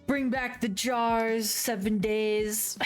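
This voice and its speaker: Giggly woman streamer, casual chat at her desk, unhurried delivery, faint music behind. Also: fairly high pitch, steady tone. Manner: giggly, laughs often. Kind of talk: casual chat while drawing. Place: home desk.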